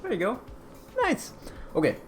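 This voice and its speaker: A man's voice: sits high, wildly swooping pitch, moderate pace, soft background music. A man hosting a casual cooking live stream, chatty and rambling as he answers chat.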